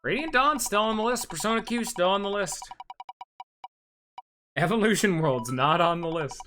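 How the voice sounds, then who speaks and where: A man chatting casually on a live stream, excitable and swearing freely, laughing often. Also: a little high, brisk, music in the background. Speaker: livestreamer.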